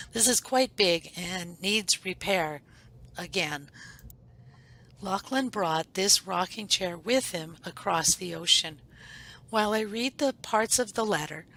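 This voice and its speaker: Slow, bright-voiced woman narrating. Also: mid-range voice, gravelly. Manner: slow, measured reading. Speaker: video narrator. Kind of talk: slow narration and letter reading.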